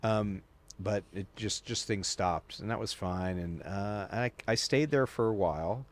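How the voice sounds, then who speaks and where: This podcast guest is a man whose lowish voice moves a little slowly. Chatting casually, he tells long, animated stories loaded with "like" and with voices he quotes.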